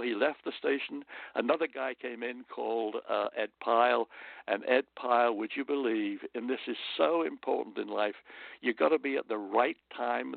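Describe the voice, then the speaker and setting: A creaky, medium-pitched man from London, England, speaks with a British accent as an interview guest telling anecdotes. He's an earnest raconteur who drifts into motivational asides. The audio is dry, with no room sound, and comes through a tinny phone line.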